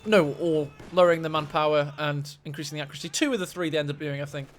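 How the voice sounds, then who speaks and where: A man casting a strategy game match, excitable and quick to gasp at big plays. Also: a little high, slight background noise. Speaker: esports caster. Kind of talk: live game commentary.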